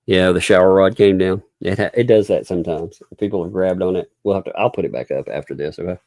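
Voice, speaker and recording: Low gravelly man. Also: fast, dark tone, no echo. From Oklahoma. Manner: rambling, chuckles often, thanks viewers. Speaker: livestream host. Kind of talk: casual live stream chat.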